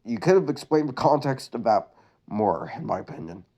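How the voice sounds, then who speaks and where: A man's voice: medium pitch, sing-song, normal speed, dark tone. A man reading a creepy story aloud, breaking in with sarcastic commentary and tripping over words. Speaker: creepypasta reader.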